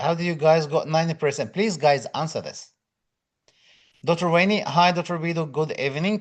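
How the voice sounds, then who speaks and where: A male lecturer with a slightly high voice talks casually on a live stream. He greets viewers one by one, reads out their comments and answers them in loose, filler-heavy English. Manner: non-native English phrasing with fillers. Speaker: exam prep lecturer.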